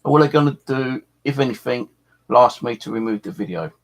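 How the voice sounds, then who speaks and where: Gravelly, husky man ranting angrily. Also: mid-range voice, a little fast. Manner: angry, swearing, repeating himself. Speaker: paranormal live streamer. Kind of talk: angry live-stream rant.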